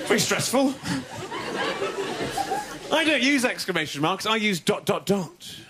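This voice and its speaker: A man performs stand-up on a TV comedy stage, his voice pitched high and swinging widely as he acts out little scenes. Loud audience laughter and some noise fill the studio around him. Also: measured pace, a loud crowd. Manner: animated, mock French and mock-suave voices.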